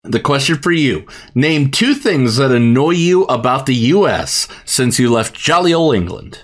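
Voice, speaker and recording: A man's voice: medium pitch, big pitch swings, unhurried. A man hosting a podcast from his home studio, chatting casually, laughing often and restarting sentences. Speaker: podcast host. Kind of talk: casual chat.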